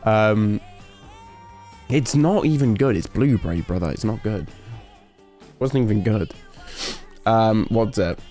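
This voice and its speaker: A man's voice: fairly low pitch, lively intonation, takes it slowly, long pauses, mellow, soft background music. A young man from the UK telling a story in casual stream chat, rambling and interrupting himself, laughing often.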